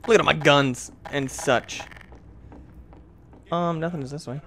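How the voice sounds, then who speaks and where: A gamer plays a video game and gives goofy, mildly crude commentary in a medium-pitched, slightly bright voice. His tone is steady, his speed normal, and he leaves long pauses. The recording is noisy, with game sound behind.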